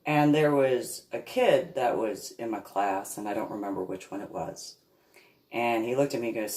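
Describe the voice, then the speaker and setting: A woman from New Jersey telling a rambling personal story in a halting, digressive way, with many restarts. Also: very deep voice, darkish tone. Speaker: reverend recounting memories. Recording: echoey room.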